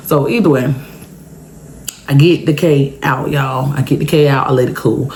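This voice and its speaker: A woman casually telling a personal story to her viewers in a chatty, animated way, often checking in with "okay?". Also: normal speed, a little hiss or hum. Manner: big pitch jumps for emphasis. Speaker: storytime vlogger.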